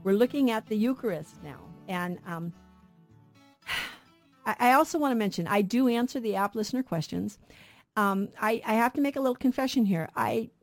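A woman's voice: a little high, expressive, moderate pace, soft background music. A middle-aged woman co-hosting a radio Bible program, teaching in an earnest way and asking and answering her own questions.

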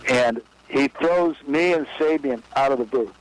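A little slow and in a mid-range voice, a baseball executive tells an interview anecdote, acting out the voices of those he quotes with lively flair. The audio has no room sound but is rough.

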